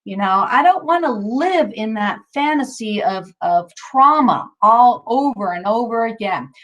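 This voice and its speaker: A fairly high-voiced woman guides a mindfulness class in loose, upbeat chatter. She fills her talk with ums and restarts and sounds a little out of breath at times. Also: lively intonation, measured pace. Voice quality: chatty, upbeat, self-interrupting with many fillers. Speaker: mindfulness instructor. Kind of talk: casual guided mindfulness session.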